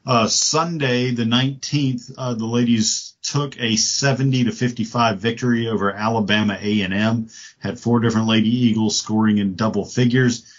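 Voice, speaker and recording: A man's voice: medium pitch, moderate pace. A man co-hosting a sports podcast, talking casually and rambling with lots of fillers. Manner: relaxed, rambling, many fillers. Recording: dull lo-fi audio.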